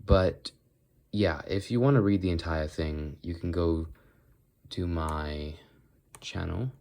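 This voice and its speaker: A man's voice: low-pitched, slow pace, darkish tone. A teenage boy in a casual walk-and-talk vlog, rambling and thinking aloud as he walks, often breaking off mid-thought. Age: teens. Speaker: vlogger. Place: walking, talking on the move.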